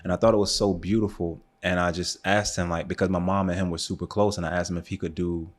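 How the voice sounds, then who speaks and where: A young American man, a photographer appearing as a podcast guest, shares a personal story in a relaxed, casual way. His voice is low and he talks fast, with plenty of fillers like "um" and "like."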